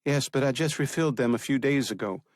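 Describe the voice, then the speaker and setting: A man's voice: medium pitch, fast, no echo, studio quality, voice pushed up, close to an everyday voice. A man voicing a worried adult sister in an audiobook, anxious and defensive.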